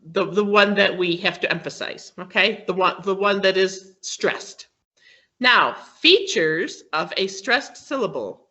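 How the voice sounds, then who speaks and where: A guest teacher on a video call, this woman explains word stress to her students patiently, one step at a time, frequently asking "okay?" Her mid-range voice sounds bright and forceful, and the audio is dull and lo-fi, typical of an online pronunciation class.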